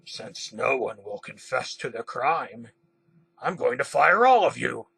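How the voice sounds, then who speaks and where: A man voicing a stern, theatrical male TV executive who yells and lectures. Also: medium pitch, normal speed, gravelly, husky, heavily acted. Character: blustering male TV executive boss.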